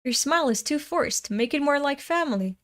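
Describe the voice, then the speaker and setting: A woman's voice: high-pitched, expressive, fairly quick, fairly bright tone, voice pushed up. A woman voicing a pushy male restaurant manager who lectures his staff about being a family. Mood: preachy. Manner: lecturing, preachy.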